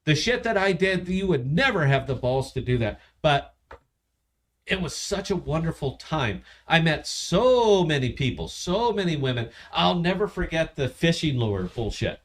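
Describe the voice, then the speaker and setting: A man's voice: a little high, big pitch swings, normal speed. A man in his fifties hosting a casual livestream, tipsy, profane and boastful as he tells a long story. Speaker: podcast host.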